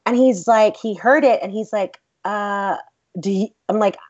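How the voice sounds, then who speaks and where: Animated Texan actress, interview guest, rambling anecdotes, slightly muffled recording. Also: female voice, medium pitch, unhurried. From Texas. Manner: animated, rambling, many fillers like "like". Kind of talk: casual interview storytelling.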